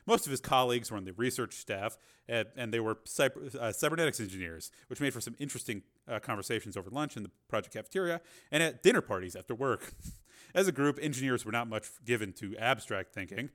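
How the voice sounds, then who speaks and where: Male audiobook narrator, steady reading, mid-pitched voice, occasional uh.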